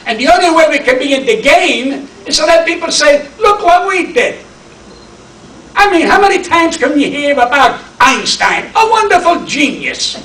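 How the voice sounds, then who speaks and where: A man's voice: very high-pitched, sing-song, normal speed, hardly any pauses, fairly bright tone, recorded from a distance. A man, giving a brash, punchy stand-up acceptance speech full of wisecracks, in a banquet hall. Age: 80s. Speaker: award honoree and comedian. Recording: echoey hall, voice from off mic.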